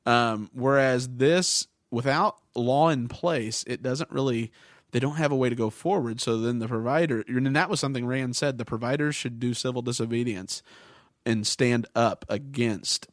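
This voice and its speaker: A man's voice: mid-range voice, moderate pace, no room sound. A male podcast co-host explaining politics in a casual chat, with dry humor. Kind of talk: casual discussion.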